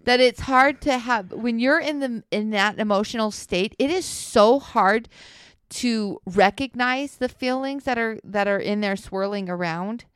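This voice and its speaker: A woman co-hosting a casual chat about her relationship, animated and laughing, swearing freely as she tells stories. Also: a little high, measured pace, smooth, no room sound, studio quality. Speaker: co-host.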